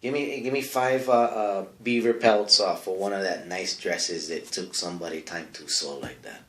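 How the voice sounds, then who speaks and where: A man's voice: low voice, normal speed, fairly bright tone, reverberant. A man as a comedic character, rambling through a mock history lesson in broken grammar with lots of fillers. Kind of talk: rambling comic monologue.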